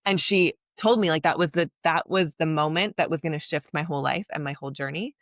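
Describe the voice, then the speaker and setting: A woman's voice: low-pitched, fast, no room sound, studio quality. A woman hosting a podcast, talking in an earnest, reflective and rambling way with lots of fillers. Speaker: podcast host. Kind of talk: casual conversation.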